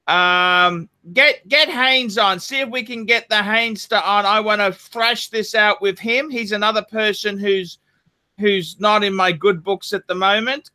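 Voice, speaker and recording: A man's voice: sits high, measured pace, pushed and bright. A man hosting a live stream, ranting and swearing angrily. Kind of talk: casual live-stream chat.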